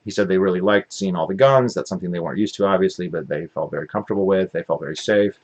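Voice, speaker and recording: A man's voice: low voice, quick pace. A man hosting his own podcast, recapping an event in a rambling, opinionated monologue and often correcting himself mid-sentence. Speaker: podcast host.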